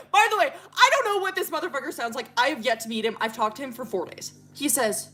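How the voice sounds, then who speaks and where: A woman's voice: fairly high pitch, expressive, quick pace, hardly any pauses, a bit bright, faint music behind. A young woman from Wyoming telling a dating story in a casual, profane storytime chat, with bursts of shrieking laughter. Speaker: streamer.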